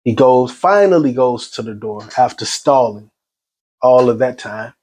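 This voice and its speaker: A grieving man giving a personal spoken account in an agitated, halting way, full of restarts. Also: mid-range voice, lively intonation, darkish tone. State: shaken and grieving. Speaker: son recounting his mother's death.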